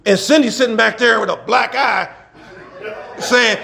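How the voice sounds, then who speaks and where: A man preaching a sermon as pastor, animated, laughing and shouting at times. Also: extremely high pitch, normal speed, gravelly, pauses often, echoey room. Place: church.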